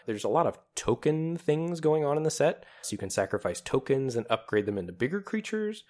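A man co-hosting a podcast in casual chat, talking with enthusiasm and laughing easily. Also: on the high side. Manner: enthusiastic, animated, quick to laugh. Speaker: podcast co-host. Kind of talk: casual chat about card-game strategy.

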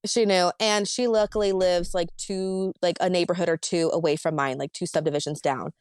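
A woman with a somewhat low voice tells a painful personal story as a podcast guest. She retells it vividly and emotionally, filling the gaps with casual "like"s. The close mic sounds dry, with no room around it. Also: steady tone, moderate pace, a little mellow, smooth, dry recording.

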